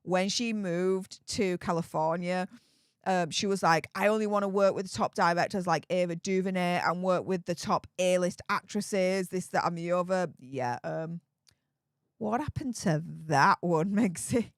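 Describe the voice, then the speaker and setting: A woman's voice: medium pitch, expressive, moderate pace, fairly bright tone, no room sound, studio quality. A woman with a Yorkshire accent hosting a casual livestream, reading viewer messages with chatty, laughing, sarcastic asides. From Yorkshire, England.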